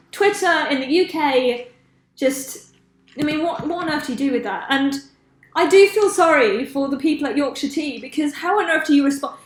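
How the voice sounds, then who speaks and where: Young woman, podcast host, high-pitched and chatty, recorded in an echoey room. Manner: chatty, laughs often, loses track of names. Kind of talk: casual chat.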